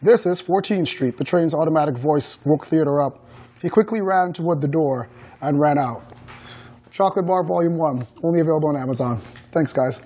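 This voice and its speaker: A man's voice: fairly high pitch, fairly quick. A male author reading a story from his own book and then talking as a guest. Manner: steady storytelling read-aloud.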